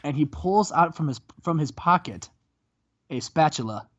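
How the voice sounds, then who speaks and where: A man hosting comedic let's-play commentary, telling the story in an animated way and laughing often. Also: fairly high pitch, normal speed, muffled recording, slight background noise. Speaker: host.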